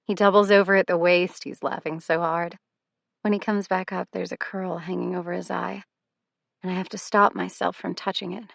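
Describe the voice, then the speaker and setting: A woman reading a first-person novel aloud as an audiobook narrator, in a wry, measured storytelling manner. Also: fairly low pitch, little pitch movement, gravelly, dry recording.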